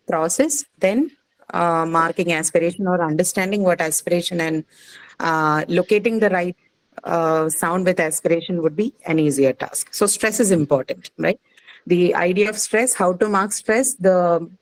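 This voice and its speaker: An Indian English woman teaches a classroom lesson, explaining step by step in a patient voice. She keeps pausing to check understanding with "right?" and "okay". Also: on the low side, darkish tone, low-quality recording. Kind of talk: classroom lecture on phonetics.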